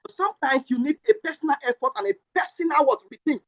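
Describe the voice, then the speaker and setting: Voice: high voice, expressive, fast talker, a bit bright, no echo, dull audio. A speaker giving a motivational talk on an accounting career from slides, repeating key lines for emphasis.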